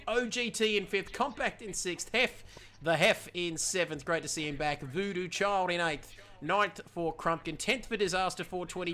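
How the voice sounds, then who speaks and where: Man, race commentator, live stream host, upbeat, chatty, high bright voice. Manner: upbeat, chatty, running through results. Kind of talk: live sim racing commentary.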